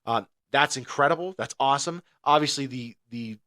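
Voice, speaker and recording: Animated man in casual sports chat. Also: mid-range voice, normal speed. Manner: animated, rising to shouts when riled. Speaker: podcast co-host.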